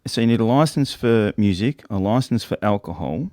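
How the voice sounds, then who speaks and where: A man's voice: on the low side, expressive, normal speed, warm tone, no echo, clean studio sound. A man co-hosting a casual chat who asks short, curious questions. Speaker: co-host.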